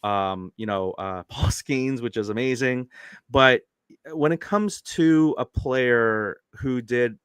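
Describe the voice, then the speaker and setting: A man's voice: medium pitch, slow, a bit bright, clean tone, dry recording, studio quality. A man hosting a live-streamed podcast, chatty and hesitant with many fillers and restarts. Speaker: podcast host.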